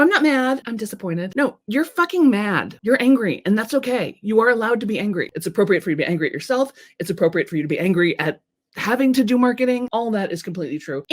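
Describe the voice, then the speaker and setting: A middle-aged woman hosting a live coaching talk, lively and blunt, slipping into playful acted quotes. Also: on the low side. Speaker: host and creativity coach.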